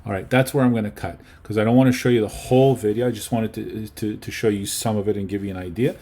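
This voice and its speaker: A man's voice: fairly low pitch, steady tone, fast, warm tone, slight background noise. A man teaching a casual lesson on video editing, chatty and often checking in with his students. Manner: chatty, checks in with okay and right.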